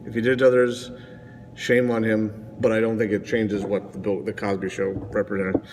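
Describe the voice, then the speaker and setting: A man's voice: lowish voice, monotone, moderate pace, noisy background. Rambling man vlogging in a roomy space. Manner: digressive, chatty, self-mocking. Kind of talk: casual rambling monologue to camera.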